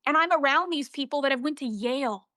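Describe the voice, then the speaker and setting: A young woman from Central Illinois, a journalist, telling animated, emotional stories as an interview guest. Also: sits high, fast, dry recording. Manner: emotional, animated storytelling with quoted dialogue. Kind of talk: storytelling in a casual interview.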